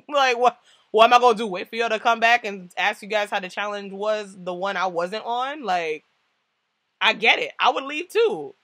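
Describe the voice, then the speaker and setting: Young woman vlogger, tri-state area, slangy and animated, bright tense voice. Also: mid-range voice, normal speed, no room sound. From New York–New Jersey tri-state area. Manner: animated, slangy, laughs often, acts out quotes. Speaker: TV show reviewer. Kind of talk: casual vlog review.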